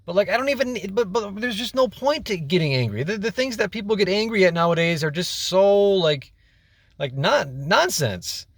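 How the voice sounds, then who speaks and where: A man's voice: high voice, lively intonation, normal speed, a bit bright, no room sound, clean studio sound. A young man ranting casually to camera as a vlogger, exasperated and rambling, repeating himself and swearing.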